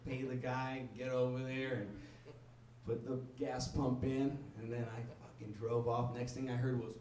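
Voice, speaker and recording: A male stand-up comedian rambling through a profane, laughing set and talking to the crowd. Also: medium pitch. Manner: talks to the crowd. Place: comedy club stage. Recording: echoey room recorded from a distance.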